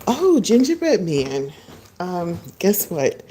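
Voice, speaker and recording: A woman podcast host does a casual live stream on her phone, rambling chattily with her viewers and answering what they comment. She speaks slowly in a lowish, sing-song voice over some background noise.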